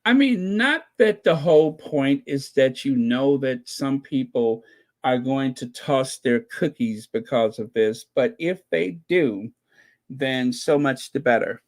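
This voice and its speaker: A man hosting his own channel, giving excited casual commentary, gleeful and laughing, who repeats his points over and over. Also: mid-range voice, slow pace. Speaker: channel host reacting to royal news.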